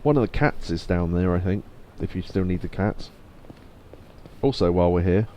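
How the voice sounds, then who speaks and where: A man's voice: deep voice, moderate pace, warm tone, highs cut off, slight background noise. A man streaming a game live, chatting and rambling with a self-amused manner. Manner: rambling, self-amused, reads all the game's dialogue. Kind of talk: live let's play commentary.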